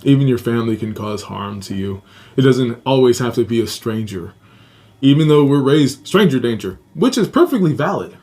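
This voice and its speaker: Young adult man, podcast host, casual storytelling, swears a lot, laughs often, jumps up high for quoted lines, middle pitch. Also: moderate pace. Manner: profane, animated, laughs often, acts out quotes in high voices.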